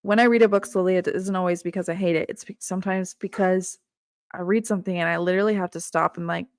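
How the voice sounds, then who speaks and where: A woman co-hosting a casual book discussion, animated, laughing often and acting out the characters' lines. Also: lowish voice, fast talker, dry recording. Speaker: book club co-host.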